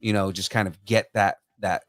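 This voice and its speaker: A man's voice: on the low side, steady tone, moderate pace, a bit bright, dry recording. A man hosting a pop culture podcast, chiming in with eager, affirming remarks. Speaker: podcast host. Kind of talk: casual podcast chat.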